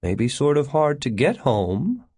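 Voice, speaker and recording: A man's voice: medium pitch, wildly swooping pitch, unhurried, dark tone, breathy edge, pitched above the performer's own voice, heavily acted. A man reading an audiobook, voicing a wry male coworker.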